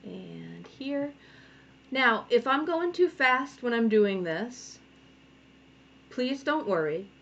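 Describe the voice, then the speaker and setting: A woman in her thirties with a Rhode Island accent, a comic artist leading a relaxed draw-along from home and talking through each step. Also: on the high side, slow pace, creaky, pauses often. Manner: chatty, encouraging, thinking aloud while drawing. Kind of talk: live draw-along tutorial. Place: home studio. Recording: dull lo-fi sound with faint noise.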